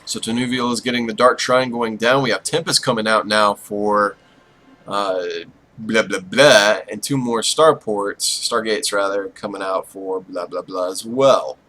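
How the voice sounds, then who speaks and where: A man giving casual, self-deprecating play-by-play commentary on a strategy game, with bursts of excitement when the fighting heats up. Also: lowish voice, normal speed, poor audio. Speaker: esports caster.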